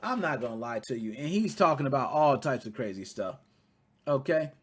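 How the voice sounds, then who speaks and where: A man in his thirties hosting a casual video game podcast, talking freely with swearing and sudden loud outbursts between quieter asides. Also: medium pitch, animated, normal speed, breathy edge. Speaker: podcast host.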